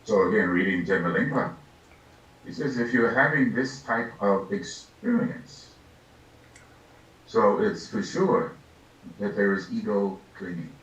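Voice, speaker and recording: An older man, a Buddhist lama, giving an unhurried, reflective dharma talk, laughing softly and acting out little scenes as he teaches. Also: fairly low pitch. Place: meditation hall. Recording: echoey room, distant mic, faint ambience.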